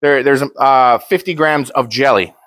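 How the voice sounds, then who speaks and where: A man's voice: medium pitch, a little slow, a bit bright, no room sound. A young man talking casually to camera, blunt and joking, rambling with frequent restarts. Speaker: powerlifter vlogger.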